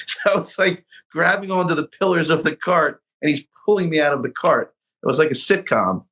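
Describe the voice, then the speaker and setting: Middle-aged man, guest storyteller; animated, plays out the dialogue of his own anecdote. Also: on the high side, fairly quick. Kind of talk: casual storytelling interview.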